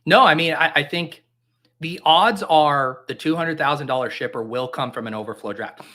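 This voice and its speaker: Guy streaming from his basement, bright voice, jokey and mock-serious. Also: on the high side, moderate pace. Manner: joking, mock-earnest, reads chat aloud. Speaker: fantasy football streamer. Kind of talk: casual livestream chat. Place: home basement.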